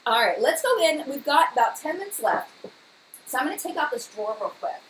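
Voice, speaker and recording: A woman's voice: sits high, sing-song, brisk, a little hiss or hum, low-quality recording. A young woman hosting a casual live chat, chatty and emotional, talking to her viewers by name.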